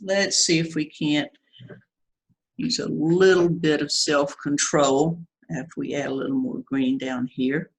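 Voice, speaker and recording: A woman's voice: low-pitched, fairly even intonation, a little slow, rough recording. A woman teaching a watercolor demonstration, chatting as she paints, self-critical and reassuring by turns. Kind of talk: painting demonstration, thinking aloud.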